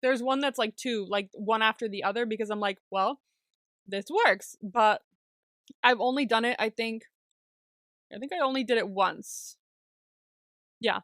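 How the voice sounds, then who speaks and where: A woman's voice: on the high side, a little slow, pauses often, a bit bright, no echo. Young woman with a dry close sound. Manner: laughing, swears casually, chatty. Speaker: podcast co-host. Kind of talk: casual chat.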